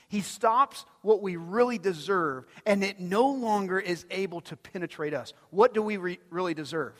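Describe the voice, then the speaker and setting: A male pastor preaching a sermon in a conversational way, often asking the audience if they are following, swinging between loud emphatic lines and soft low ones. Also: normal speed, few pauses. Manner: conversational, asks the audience questions. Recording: long hall reverb.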